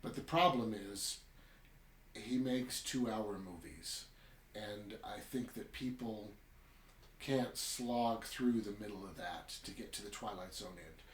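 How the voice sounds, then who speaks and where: A man's voice: fairly low pitch, slow pace, a little hiss or hum. A man hosting a podcast, casually retelling a short story and then reviewing it in a rambling way, often tacking on "right?". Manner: chatty, rambling, keeps adding "right?". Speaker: podcast host. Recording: roomy echo.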